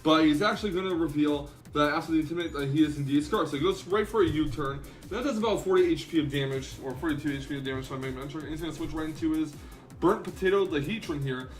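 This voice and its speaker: Fast-talking young man commentating a game. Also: on the high side, soft background music. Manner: chatty, fast, with frequent ums and self-corrections. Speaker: gaming channel host. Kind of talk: casual battle commentary.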